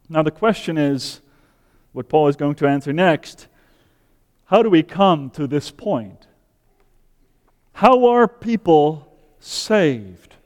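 Male preacher, higher pitch, measured rhetorical delivery, reverberant church hall. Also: a little mellow, clear, resonant tone. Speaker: pastor. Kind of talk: sermon.

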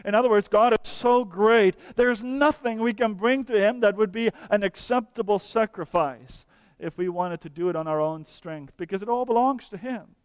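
A man preaching a sermon earnestly, slowing down for emphasis and dropping to soft, quiet tones. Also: high voice, clean tone, dry recording, in a large hall.

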